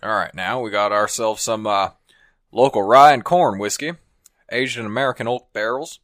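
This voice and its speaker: A man's voice: lowish voice, moderate pace, a bit bright, no echo, clean studio sound, lightly acted. A man doing a drawling folksy old cowboy.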